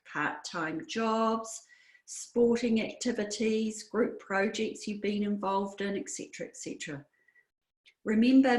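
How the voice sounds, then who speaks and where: A woman with an Australian accent, a career adviser narrating a slide show in a clear, measured advisory manner. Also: mid-range voice, darkish tone, echoey room, poor audio.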